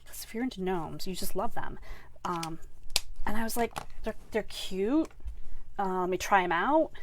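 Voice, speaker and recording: A woman's voice: mid-range voice, darkish tone. A woman chatting her way through a card-making tutorial, rambling with lots of fillers and restarts. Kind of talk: casual craft tutorial.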